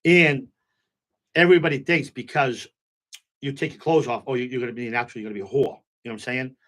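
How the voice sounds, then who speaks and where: A middle-aged nightclub owner with a medium-pitched voice talks fast while telling stories in a casual interview. He's an animated storyteller who acts out the quotes and keeps repeating "you know what I'm saying."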